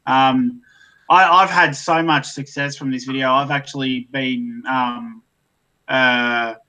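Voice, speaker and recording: An Australian man with a bright, forward tone talks loosely over a video call. He rambles and fills gaps with ums. He puts himself down with an easygoing shrug. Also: medium pitch, steady tone, takes it slowly, rough recording. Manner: self-deprecating, rambling with many fillers. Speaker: guest YouTuber. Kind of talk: casual chat.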